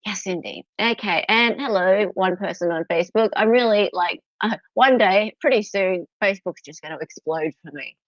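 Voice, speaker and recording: Middle-aged Australian woman, casual live-chat host, chatty and giggly, mid-pitched, recorded on a dull home mic. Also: moderate pace, hardly any pauses, dry recording. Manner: chatty and giggly, greeting viewers. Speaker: livestream host. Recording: slightly dull lo-fi audio.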